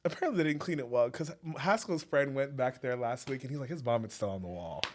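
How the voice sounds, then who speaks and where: A man co-hosting a podcast, telling a story in a casual, animated way and often breaking into laughter. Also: fast talker. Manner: animated, laughing, swings loud and high when telling the story. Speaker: podcast co-host.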